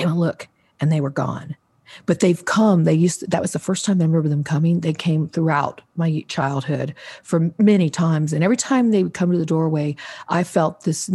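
An older woman in her sixties with a fairly low voice tells a story on a podcast. She talks casually and with animation, and she acts out the voices of the people she quotes. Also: mellow, husky. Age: 60s. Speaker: guest, Ouija board historian.

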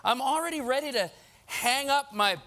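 A man performing in a comedy sketch as a correspondent, loud and exasperated, with explosive outbursts. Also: extremely high pitch, animated, moderate pace.

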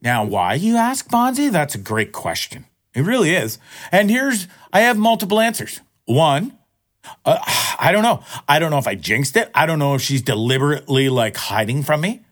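A man in his forties talks alone into a podcast microphone, rambling from one story to the next with plenty of swearing and jokes at his own expense. His pitch swings widely and sits a little high for a man. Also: very animated, normal speed. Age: 40s. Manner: profane, rambling, self-mocking banter. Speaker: podcast host. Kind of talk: solo podcast monologue.

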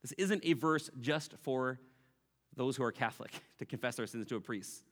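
A male pastor delivering an animated sermon, acting out apologies and slipping in playful asides. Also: mid-range voice, moderate pace, big-room sound.

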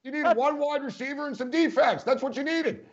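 High-voiced emphatic sports talker, a man. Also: fairly quick, lo-fi sound. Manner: emphatic, repeats points for stress. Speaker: sports podcast co-host. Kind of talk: casual sports talk.

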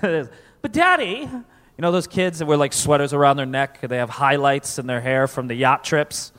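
A man's voice: medium pitch, fairly even intonation, a little fast, fairly bright tone, smooth. A man from Connecticut doing a loose, self-mocking stand-up comedy set, slipping into voices. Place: comedy club stage. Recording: live in a reverberant club.

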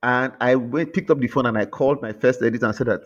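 Nigerian guy chatting in an interview, animated, lots of restarts, kinda muffled lo-fi sound. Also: medium pitch, quick pace. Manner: animated, repeats words when restarting. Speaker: author and guest. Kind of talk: interview conversation.

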